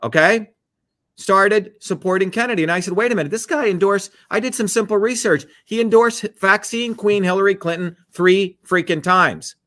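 A man hosting a heated political monologue, scornful and combative, breaking off to give quick instructions to a producer. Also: sits high, sharp tone. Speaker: political host.

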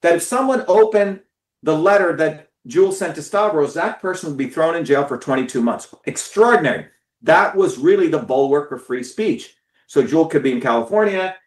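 A man's voice: a little high, echoey room. A man giving an impassioned, profane talk to his followers, stressing and repeating words. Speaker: political speaker.

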